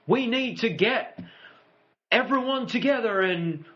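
A man's voice: very high-pitched, expressive, unhurried, a bit bright, muffled recording, pitched above the performer's own voice, exaggerated voice. A man voicing a male town leader giving a fearful rally speech in a mock political style.

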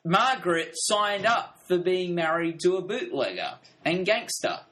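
A man's voice: high-pitched, a little slow. Guy chatting about tv, bouncy voice all over the place, keeps laughing. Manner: animated, laughs often, acts out quotes in voices. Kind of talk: casual podcast chat about a TV drama.

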